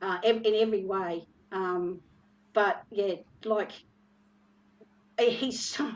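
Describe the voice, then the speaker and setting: A woman giving a psychic reading on a video call, halting and emotional, with many fillers. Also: medium pitch, steady tone. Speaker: psychic reader. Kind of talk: live stream psychic reading. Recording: muffled lo-fi stream audio.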